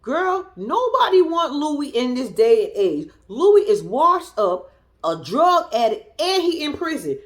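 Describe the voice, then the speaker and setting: A woman recaps reality TV in sassy, profane reaction commentary, her voice sitting a little high. She talks straight to her viewers as y'all. She jumps from loud outbursts to low muttered asides. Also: sing-song, unhurried. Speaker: reality show recap vlogger.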